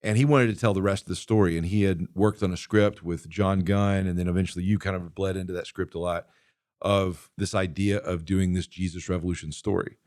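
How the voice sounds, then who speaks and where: A middle-aged man hosting a podcast, telling a story in casual chat, animated and quick to laugh as he acts out what people said. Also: sits low, no echo, studio quality. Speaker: podcast host and filmmaker.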